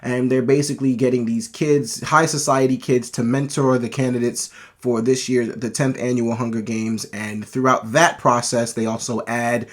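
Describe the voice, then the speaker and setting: A man talks through a movie review in a casual, unscripted way. He gets excited and rambles, often stopping to restart or correct himself. His voice sits at an ordinary middle pitch. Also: normal speed, few pauses. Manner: enthusiastic, rambling with frequent restarts.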